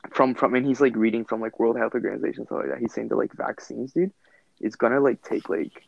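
Young male host, gravelly, rambling casual chat, dull call audio. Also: mid-range voice, steady tone, fast talker, a little mellow, no room sound. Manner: slangy, rambling, lots of fillers.

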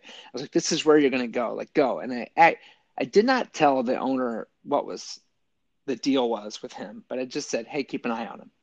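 A man, a podcast guest and yoga teacher, telling a story casually with lots of fillers and lively quoted voices. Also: medium pitch, creaky, dry recording, lo-fi sound.

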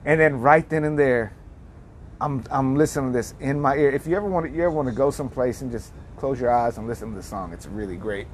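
A man telling a personal story in a loose, wandering way. He stops and restarts often and reflects out loud as he goes. His voice sits at an ordinary pitch, with a faint hiss of noise in the background. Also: quick pace. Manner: rambling and reflective, with many restarts and "like".

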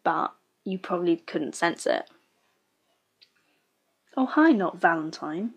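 A woman's voice: lowish voice, expressive, slow, gravelly, husky, lo-fi sound. A woman giving casual reaction commentary on a show, blunt and sarcastic, swearing freely. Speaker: show reviewer.

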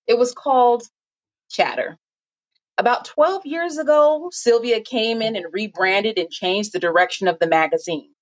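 A woman voicing a confident, businesslike magazine editor on a phone call. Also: on the high side. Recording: dull lo-fi recording.

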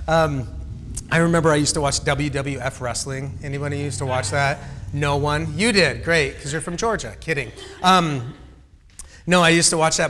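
A young man preaching a casual sermon, often laughing and joking with the room between halting restarts. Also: medium pitch, fairly bright tone. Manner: joking, self-deprecating asides to the room. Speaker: youth pastor.

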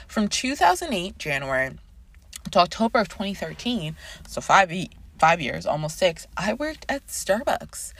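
Chatty, lively woman podcast host. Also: fairly low pitch, vocal fry, no echo. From Canada. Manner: chatty, animated, swearing and sidetracked. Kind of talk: casual chat.

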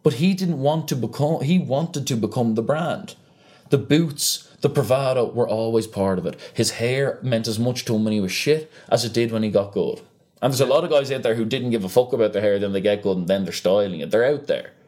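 A young man chatting casually on a podcast, ranting with animated energy and free swearing. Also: mid-range voice, brisk. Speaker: podcast co-host. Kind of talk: casual chat.

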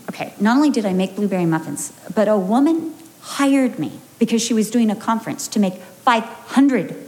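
An American woman pastor preaching a sermon, telling a personal story with lively acted-out quotes. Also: medium pitch, a little hiss or hum. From United States.

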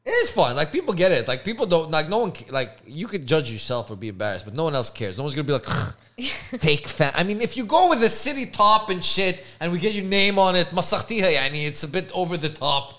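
A young adult man co-hosting a podcast in casual chat, joking, animated and slangy. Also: fairly high pitch, quick pace. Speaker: podcast co-host.

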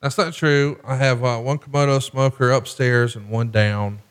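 A man's voice: medium pitch, fairly even intonation, normal speed, clean tone. A man hosting a casual podcast, joking and profane as he tells stories and calls wrestling action. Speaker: podcast host. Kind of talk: casual chat and wrestling commentary.

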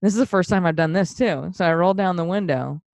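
A young woman in her twenties spins a rowdy, crude story with plenty of laughter, voicing the other people in it. Her voice sits a little low for a woman. The recording is dry and close, with no room sound. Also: fairly quick, dry recording. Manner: animated, laughing, crude storytelling with acted-out quotes. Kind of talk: casual storytelling chat.

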